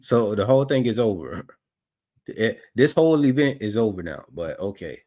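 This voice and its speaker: A man's voice: fairly low pitch, very animated, normal speed, a little mellow. A man commenting on footage, doubtful and repeating himself as he questions a story. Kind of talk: skeptical commentary.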